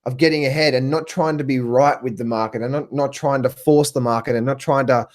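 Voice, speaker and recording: A man with an Australian accent coaching traders on a live stream. He talks excitedly, repeats himself, laughs often and calls viewers by name. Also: medium pitch, a little fast. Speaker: trading coach. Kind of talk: live stream talk answering viewers in chat.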